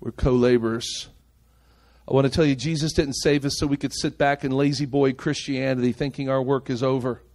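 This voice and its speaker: A male pastor preaching a sermon with passion, moving between raised, urgent lines and quiet, hushed ones. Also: mid-range voice, fairly even intonation, a little fast. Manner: impassioned preaching, swinging between loud and hushed.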